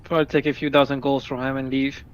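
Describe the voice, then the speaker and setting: A man playing a blunt, cheeky fourteen-year-old girl in a tabletop game, speaking deadpan. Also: mid-range voice, quick pace, muffled recording, close to an everyday voice. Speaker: player.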